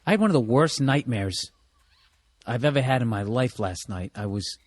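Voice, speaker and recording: A man's voice: mid-range voice, lively intonation, moderate pace, slight background noise. Profane rambling man telling stories. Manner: rambling, profane, laughs at himself. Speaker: gaming streamer. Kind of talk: casual storytelling while gaming. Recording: game music behind voice. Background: game music.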